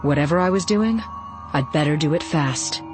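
A woman reading a first-person novel aloud in a steady, even storytelling voice. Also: deep voice, normal speed, over music. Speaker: audiobook narrator.

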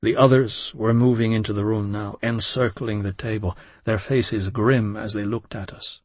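A man reading a first-person story aloud with intensity and emotion, sometimes dropping to a hushed tone. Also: fairly low pitch, steady tone, normal speed, hardly any pauses, no room sound. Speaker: audiobook narrator. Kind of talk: dramatic first-person audiobook narration.

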